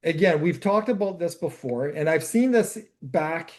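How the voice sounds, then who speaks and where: A man co-hosts a real estate podcast in casual chat, explaining the market steadily and posing rhetorical questions. His voice is on the high side, expressive, and at a normal speed.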